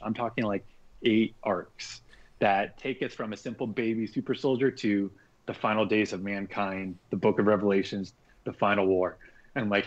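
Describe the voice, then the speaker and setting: A man with a lowish voice tells a long story in a relaxed, casual way. He stays animated, acting out what others said and swearing freely. The recording sounds dull and lo-fi. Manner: animated, acts out quoted speech, swears freely. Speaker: podcast guest, artist.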